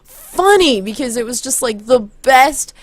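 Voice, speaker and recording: A young woman telling a story in a casual vlog, excited and rambling, often backtracking to fix the order of events. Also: high-pitched, unhurried, dry recording. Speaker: vlogger.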